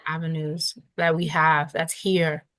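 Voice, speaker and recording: A woman's voice: sits low, little pitch movement, a little slow, fairly bright tone, dry recording. A woman co-hosting a podcast in casual chat, chiming in often with short affirmations. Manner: short affirming interjections like "Amen" and "sheesh". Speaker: podcast co-host.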